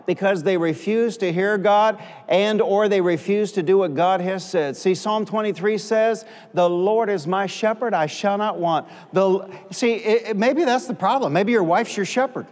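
A middle-aged man preaching as pastor of a church, leading call-and-response and rising to shouts. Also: sits high, moderate pace, hardly any pauses. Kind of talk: preaching a sermon. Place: church sanctuary. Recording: reverberant church hall.

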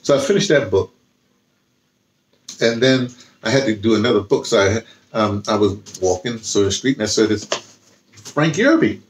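A man's voice: on the low side, animated, moderate pace, long pauses. A man chatting casually about books he has read, rambling and restarting often. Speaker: vlogger. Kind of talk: casual book talk with reading aloud.

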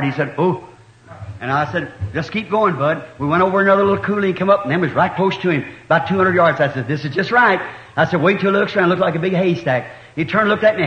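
A man's voice: sits high, a bit bright. A middle-aged man, preaching a sermon and telling a hunting story in a folksy way, acting out the dialogue. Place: church hall. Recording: dull echoey old church tape.

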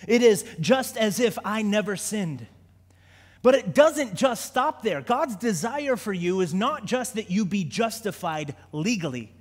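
A man preaches in a church, his voice sitting unusually high for a man. He talks conversationally, stumbling and restarting words, then climbs into fervent prayer. Long reverb trails off every phrase in the sanctuary. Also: lively intonation, measured pace. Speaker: pastor. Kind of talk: sermon.

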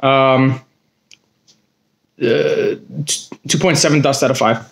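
A man's voice: mid-range voice, fairly even intonation, slow. A man casually reviewing chips in a vlog, talking in a blunt, rambling, jokey way. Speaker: snack reviewer.

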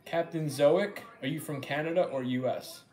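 A man's voice: a little high, normal speed, darkish tone. A young man with a New York accent chatting casually on a livestream, rambling and joking as he reads viewer comments. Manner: rambling, joking, repeats words. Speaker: livestream eating host.

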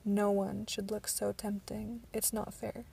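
A woman voicing a young male vampire, intense and protective, in a soft hushed delivery in an audiobook reading. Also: mid-range voice, flat delivery, measured pace, vocal fry, slightly rough, heavily acted.

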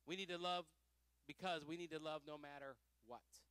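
A man pastor teaching a Pentecostal Bible study, fervent and animated, often laughing and swinging between loud exhortation and soft asides. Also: on the high side, moderate pace, clear, resonant tone, dry recording.

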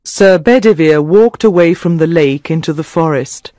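A man narrating a simple story for English learners with a clear, dramatic reading. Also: fairly high pitch, normal speed, a little mellow, no echo.

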